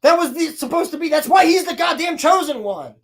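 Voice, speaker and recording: A woman's voice: sits high, lively intonation. Profane, ranting woman podcaster. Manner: profane, exasperated ranting with quick acted quotes. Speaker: podcast co-host. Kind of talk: casual chat, recapping a show.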